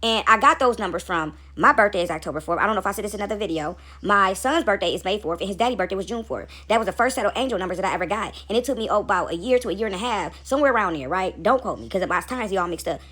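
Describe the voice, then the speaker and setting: A woman's voice: mid-range voice, animated, very fast, few pauses, a bit bright. A woman speaking to camera in a casual spiritual monologue. She keeps asking "right?" and repeats phrases for emphasis. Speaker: spiritual video host.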